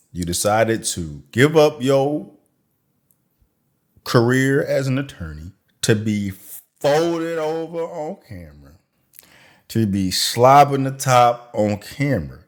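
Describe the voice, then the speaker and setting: A man's voice: medium pitch, animated, slow pace, long pauses. A man hosting a reaction commentary, ranting in crude slang with a mocking edge. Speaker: commentary channel host.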